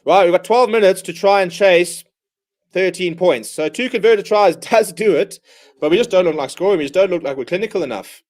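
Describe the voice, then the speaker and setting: A man's voice: high voice, fairly quick, a little mellow. Exasperated man ranting over live rugby. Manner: exasperated, ranting fan commentary; calls play-by-play in bursts. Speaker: watchalong host. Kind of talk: live match watchalong commentary.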